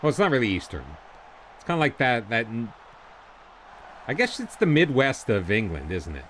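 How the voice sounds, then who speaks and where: An American man casually commentating while he streams a football management game and chats with viewers, rambling and excitable. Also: medium pitch, moderate pace, slight background noise. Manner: chatty, rambling, excitable during goals.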